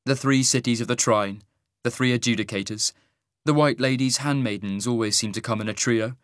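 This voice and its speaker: A man narrating a fantasy audiobook in a measured, wry manner. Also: on the low side, a bit bright, no room sound, studio quality.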